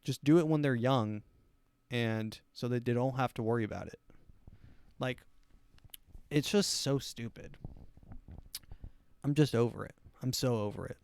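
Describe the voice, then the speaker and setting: A man's voice: medium pitch, measured pace, vocal fry, pauses often, a little mellow, smooth. A man hosting his own podcast, rambling through a crude, self-amused comedic monologue. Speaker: podcast host.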